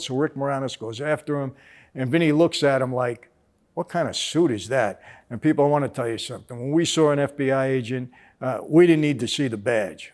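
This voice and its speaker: A man's voice: mid-range voice, a little mellow. An older man from the East Coast of the US, hosting and reviewing a film in a casual, storytelling way, with many fillers, acting out quoted lines. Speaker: host reviewing a mob film.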